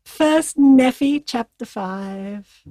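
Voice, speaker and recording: Sarcastic podcast co-host, woman, high voice, dry close sound, reads verses then mocks them. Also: lively intonation, drawn-out words, dark tone, no echo. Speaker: podcast co-host reading scripture aloud. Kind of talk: casual podcast chat with scripture reading.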